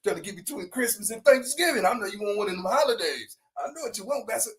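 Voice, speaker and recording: A man giving casual, slangy reaction commentary, laughing often and breaking into loud bursts. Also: high voice, lively intonation, fast talker, crowd noise.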